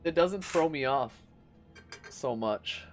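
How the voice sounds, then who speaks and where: A man with a mid-pitched voice chats casually through a game stream, joking and laughing often. Faint music plays underneath his talk. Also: lively intonation, takes it slowly. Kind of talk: casual gameplay commentary and reading aloud.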